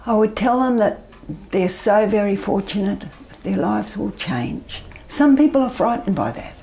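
An older Australian woman telling her personal story as an interview guest, soft-spoken and often trailing off into near-whispers. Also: medium pitch, expressive, normal speed, vocal fry, rough recording. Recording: faint background noise.

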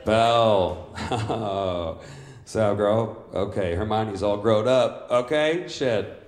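On a comedy club stage, a man plays a vain, boastful macho villain at a live roast, smugly and brashly hurling crude insults at everyone in turn. His voice is fairly low and darkish, with drawn-out words, and the recording has a roomy club sound.

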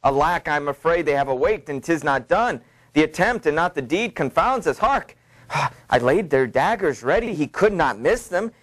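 A man's voice: a little high, animated, normal speed, a bit bright. A man voicing a scheming, bold and impatient noblewoman, reading her lines in a raised, emphatic voice. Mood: anxious.

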